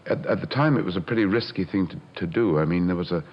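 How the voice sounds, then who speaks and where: An older man reflects on his career, pausing and restarting. His voice is very low. The recording sounds dull and lo-fi. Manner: halting, reflective. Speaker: interviewee actor.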